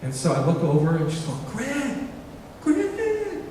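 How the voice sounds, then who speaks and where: A man delivers a storytelling keynote in a large auditorium, slipping into the voices of the people in his story. His voice sits fairly high. The recording comes from far off, with a long, booming hall echo and a faint hiss. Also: fast talker. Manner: animated storyteller, acts out dialogue. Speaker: keynote speaker. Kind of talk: storytelling speech.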